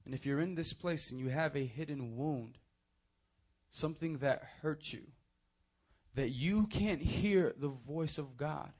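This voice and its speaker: A young male preacher with a voice that sits a little high. He tells stories with lively, swinging energy, then turns quiet and earnest when he makes his point. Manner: animated storytelling, swinging from hushed to loud. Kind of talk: sermon.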